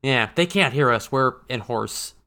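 Unhurried and expressive, his medium-pitched voice sounding pushed and bright, this podcast co-host rambles through wry, casual talk full of fillers and false starts.

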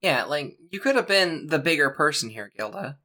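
Podcast co-host, bright and sharp tone; sarcastic, profane, joke-driven casual delivery. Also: medium pitch, big pitch swings, normal speed. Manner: sarcastic, swears, jokey asides. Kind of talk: casual chat.

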